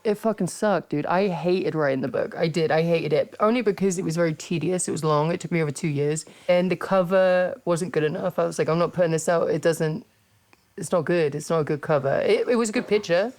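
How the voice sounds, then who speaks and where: She speaks on the low side, fairly quickly, with a slightly mellow quality. An English woman in her thirties, she hosts a casual conversation as a podcaster and wrestler, laid-back and blunt and never shy about swearing.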